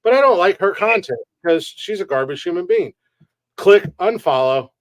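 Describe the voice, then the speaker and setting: A man's voice: high-pitched, lively intonation, normal speed, dry recording. A man hosting a comedy podcast, ranting in a brash, profane, joking way. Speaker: podcast host. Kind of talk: casual comedy podcast chat.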